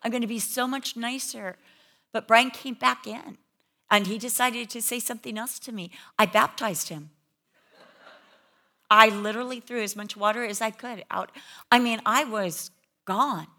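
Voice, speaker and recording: A middle-aged woman preaches a sermon with a bright, forward voice. She tells her story with animated energy. She acts out her own panicked words as she goes. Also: a little high, moderate pace. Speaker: preacher, pastor's wife.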